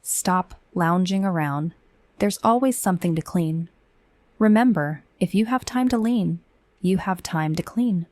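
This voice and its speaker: A stern, bossy café manager who snaps out curt orders and scolds her staff, voiced by a woman. The voice sits low for a woman and is recorded close and dry, with no room sound. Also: measured pace, darkish tone, no echo, natural voice. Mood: curt scolding.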